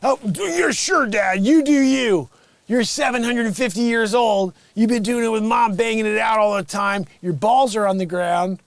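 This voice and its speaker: A man's voice: high voice, normal speed, dry recording, pitched above the performer's own voice. A man voicing a sarcastic grown son who mocks his ancient father in an exaggerated, raised voice. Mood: mocking. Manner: mocking, exaggerated.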